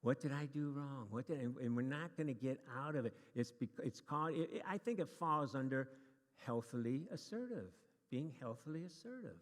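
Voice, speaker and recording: Speaking a little fast with medium pitch and lively intonation, a man leads a relaxed church lesson for a live audience. He jokes and chats, restarting himself many times. It's recorded in a church meeting room with a long hall reverb.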